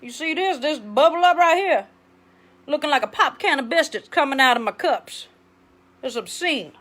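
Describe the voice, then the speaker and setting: Woman as brassy former schoolteacher, improv monologue, sassy and blunt, high and sharp-toned. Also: expressive, moderate pace. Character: brassy blunt middle-aged female ex-schoolteacher. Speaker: comedic livestream host character.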